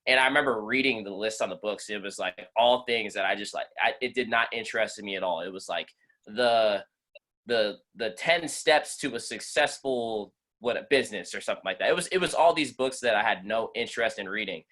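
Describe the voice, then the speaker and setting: A man co-hosting a casual podcast, telling a story in a relaxed, halting way with fillers. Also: lowish voice. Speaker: podcast co-host.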